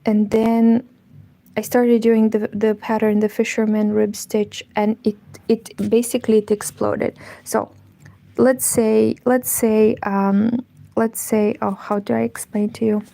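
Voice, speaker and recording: A woman hosting a casual knitting livestream from home, chatting with viewers in a soft, partly whispered voice. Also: on the high side, flat delivery, a little slow, gravelly, no room sound, rough recording. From Moldova. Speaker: knitting channel host. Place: home, indoors.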